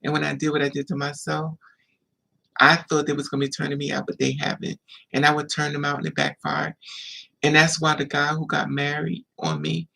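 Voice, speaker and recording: A man's voice: on the high side, completely flat delivery, a little fast, vocal fry, sharp tone. A man casually telling a long personal story to the camera, chatty and digressive, with laughing asides. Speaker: vlogger. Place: indoors, at home.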